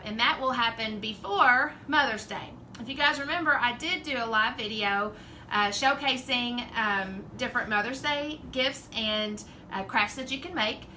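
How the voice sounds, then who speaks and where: A woman's voice: fairly high pitch, sharp tone, a little hiss or hum, low-quality recording. A woman with a Southern drawl chatting casually and rambling as the host of a home craft livestream. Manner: chatty, rambling, laughs often. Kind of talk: casual live-stream chat.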